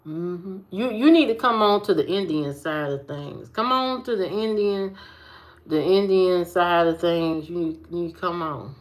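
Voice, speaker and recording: Slow-talking woman in casual chat. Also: lowish voice. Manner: repeats phrases, playful teasing, drawn-out emphasis. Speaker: vlogger talking to viewers.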